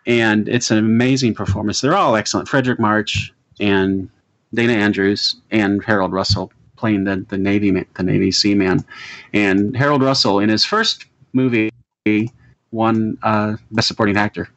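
A man's voice: lowish voice, fairly even intonation, normal speed, fairly bright tone. A middle-aged man co-hosting a podcast, chatting casually and earnestly about old films and laughing easily. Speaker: podcast co-host. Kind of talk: casual chat about movies.

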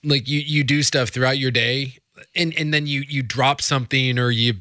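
A man co-hosting a casual chat, telling stories in an animated way and leaping up in pitch when he acts out quotes. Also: normal speed, dry recording, studio quality. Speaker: co-host.

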